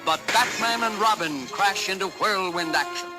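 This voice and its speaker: A man voicing a dramatic serial announcer with emphatic, punchy 1940s narration, heard from some distance over loud music on an old film soundtrack. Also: sits high, normal speed, close to an everyday voice. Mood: urgent.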